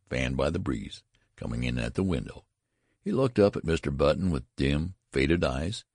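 A man narrating an audiobook story in a measured, expressive way. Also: extremely low pitch, vocal fry, husky, no room sound, clean studio sound.

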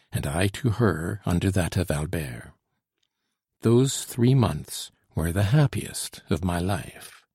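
Brief: low, gravelly male audiobook reader, measured and earnest, dry close mic. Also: darkish tone, no room sound. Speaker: audiobook narrator. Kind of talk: scripted narration.

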